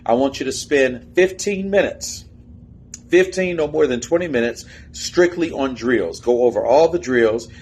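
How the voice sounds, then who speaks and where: A man's voice: mid-range voice, lively intonation, measured pace, darkish tone. A man coaching a step team in an instructional video, counting and chanting the beat while he demonstrates. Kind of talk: instructional video teaching drills.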